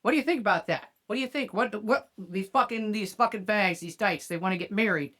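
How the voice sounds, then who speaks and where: A man's voice: sits high, a little fast, pushed and bright. A woman putting on the voice of a bigoted older man at a bar, crude and cursing as she retells a story on a podcast. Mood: ranting.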